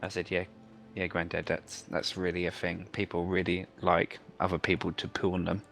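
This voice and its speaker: A man's voice: sits low, monotone, normal speed, creaky, fairly bright tone. A man telling a long rambling anecdote with many fillers while playing a game with friends. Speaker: gamer telling a story. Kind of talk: casual chat over gameplay.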